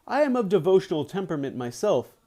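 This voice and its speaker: A kindly, devout stranger on a train speaks with formal courtesy, as a man reads him aloud. The voice sits fairly high and moves through a lively range of pitch. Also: quick pace. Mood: courteous.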